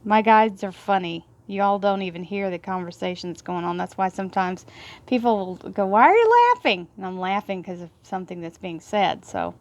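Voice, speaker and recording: A woman with a Texas Southern drawl giving a tarot card reading. She talks effusively, bursts into excited laughter and drops into hushed prayers. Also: on the low side, moderate pace. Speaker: tarot reader.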